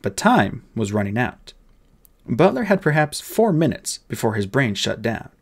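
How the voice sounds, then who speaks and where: A man reading an audiobook aloud with expressive, dramatic narration. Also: medium pitch, normal speed.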